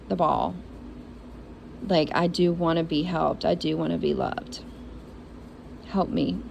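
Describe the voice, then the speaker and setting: A woman doing an intuitive reading for zodiac signs in a slow, unhurried delivery. Her voice sits fairly low and has a gravelly fry to it. She speaks in an encouraging, repetitive and heartfelt way, over a faint hum of noise. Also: rough recording. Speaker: intuitive reader.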